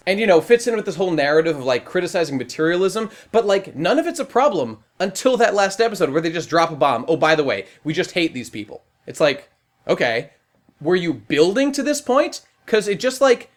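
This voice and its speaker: A man ranting through a casual review in a fairly high voice that swings up and down a lot. He swears freely, leans on filler words, and keeps a wry, opinionated edge throughout. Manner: profane, wry, animated rant with frequent filler "like". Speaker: online video reviewer.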